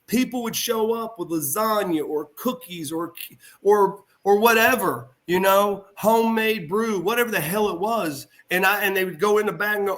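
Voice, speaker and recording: A middle-aged man telling stories as a podcast guest, his voice sitting a little higher than most men's. He rambles warmly through anecdotes, stumbling and restarting, then leans into the retold dialogue with animated energy. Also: normal speed. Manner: animated, heartfelt delivery. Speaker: guest, former pro wrestler. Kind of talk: casual storytelling in a podcast interview.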